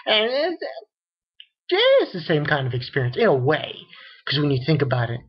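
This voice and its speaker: Male anime reviewer, higher-pitched and breathy, loose and rambling with lots of fillers; muffled homemade audio. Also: wildly swooping pitch. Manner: rambling, repeats fillers like "you know"; acts out characters' lines in quick bursts. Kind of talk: casual episode recap. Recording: dull lo-fi home recording.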